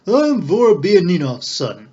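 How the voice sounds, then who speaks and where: Casting: a man doing a brash young con man, high and animated, lo-fi sound. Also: moderate pace, breathy edge, exaggerated voice. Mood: smooth, cheeky. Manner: lively, bold and cheeky. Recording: dull lo-fi recording.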